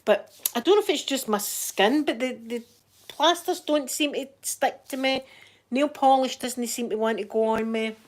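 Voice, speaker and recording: A woman's voice: high voice, moderate pace. A woman with a broad Scottish accent chatting casually on a livestream, reading out viewer names and laughing often. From Scotland. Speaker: livestreaming YouTuber. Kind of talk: casual live chat.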